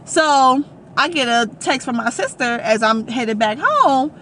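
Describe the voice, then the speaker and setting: A young adult woman telling a personal story to her vlog audience in a casual, animated and emphatic way. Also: high-pitched, measured pace, a little hiss or hum. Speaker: vlogger.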